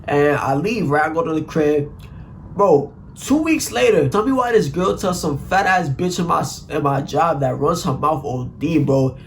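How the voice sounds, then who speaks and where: A young man telling a profane, animated story in a casual vlog, full of "like" and "bro.". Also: on the high side, moderate pace, vocal fry, a little hiss or hum. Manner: animated, profane, slang-heavy, constant "like" and "bro".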